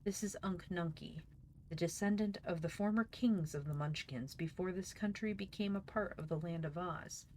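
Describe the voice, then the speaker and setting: A woman's voice: on the low side, normal speed, darkish tone, slight background noise, close to an everyday voice. A woman voicing a proud, boastful older male magician explaining his inventions.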